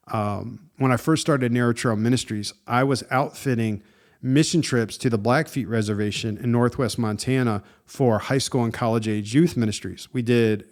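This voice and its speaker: A man hosting a podcast, telling a story in a casual, animated way and often saying "dude" and "man". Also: mid-range voice. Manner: animated and conversational, with frequent "dude" and "man", laughs at himself. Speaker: podcast host.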